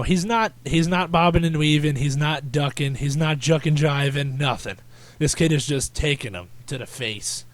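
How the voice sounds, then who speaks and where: A man hosting a podcast, telling rambling stories in casual chat with crude slang. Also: a little high. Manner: rambling storyteller, fillers and restarts, crude slang. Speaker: podcast host.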